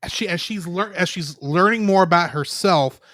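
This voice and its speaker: A man co-hosting a podcast, calmly and analytically talking through a film's story in casual chat. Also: sits high, moderate pace, dry recording, studio quality. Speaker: podcast co-host. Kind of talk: casual film review chat.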